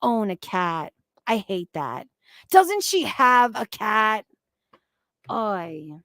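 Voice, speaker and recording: A woman's voice: medium pitch, sing-song, very slow, a bit bright, no room sound, studio quality. A woman hosting a casual livestream, talking in an emphatic, profane, rambling way about online drama. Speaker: livestream commentary host.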